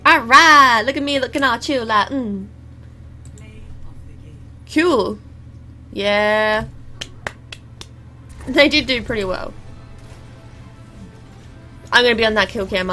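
Bright-voiced, high young woman gaming. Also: slow, long pauses, soft background music. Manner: chatty, exclaiming at the game, laughing. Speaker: gaming YouTuber. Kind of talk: live gameplay commentary.

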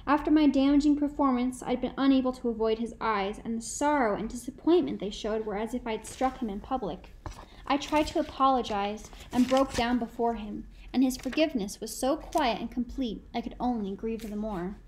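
A woman narrating a first-person novel in a measured, reflective storytelling manner. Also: a little high, a little mellow, a little hiss or hum, rough recording. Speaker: audiobook narrator.

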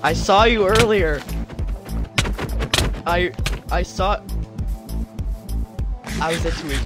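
A man playing a video game with a friend, excitable and prone to giggling. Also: sits high, slow pace. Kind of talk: casual gaming banter. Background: background music.

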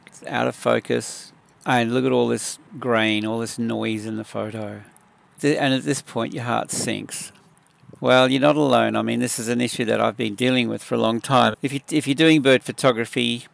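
Gravelly, relaxed man explaining photo edits. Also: mid-range voice, no room sound. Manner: relaxed, conversational, explains step by step with fillers. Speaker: photography tutor. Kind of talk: casual software tutorial.

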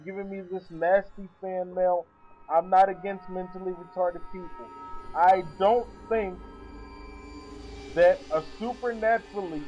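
A man sits back from his microphone while giving a chatty, rambling movie review with a sarcastic edge. His voice is high-pitched and dark-toned, and the highs are cut off.

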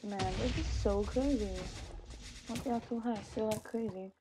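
A woman's voice: on the high side, slow pace, mellow, slight background noise. A young woman chattering to herself while playing a video game, giggling and exclaiming as things happen. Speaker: gaming video creator. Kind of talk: casual gameplay commentary.

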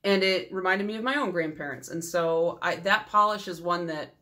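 A young adult woman talks through her nail polish collection in an easygoing, meandering way. Her voice sits a little low for a woman. She gets warm and sentimental as she tells small personal stories, with plenty of fillers along the way. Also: normal speed. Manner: chatty and rambling, many fillers. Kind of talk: casual chat.

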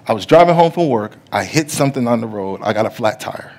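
A middle-aged man preaching a sermon as pastor, telling stories that act out other people's voices and building to loud preaching. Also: mid-range voice, lively intonation, fast. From USA. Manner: storytelling, rising to loud preaching; acts out the voices in his stories.

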